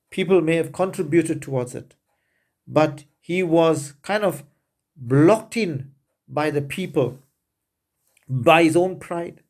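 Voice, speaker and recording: Slow, earnest male preacher. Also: fairly high pitch, a little mellow. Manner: earnest, slow and emphatic, addressing listeners as beloved. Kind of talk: sermon.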